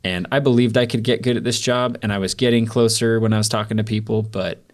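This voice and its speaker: A man's voice: on the low side, steady tone, fast talker. A young man, a podcast guest, telling a personal story in a loose, rambling way full of "like" fillers. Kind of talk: storytelling in a casual interview.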